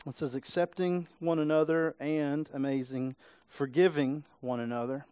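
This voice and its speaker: In a church sanctuary, a man preaches a sermon in an easygoing, conversational way, checking in often with tag questions. His voice is fairly high, darkish and smooth, at normal speed with fairly even intonation, and there's no room sound.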